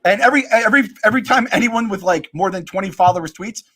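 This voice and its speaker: High-voiced man griping bluntly. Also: fast talker, bright, forceful tone, breathy edge. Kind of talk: casual sports podcast chat.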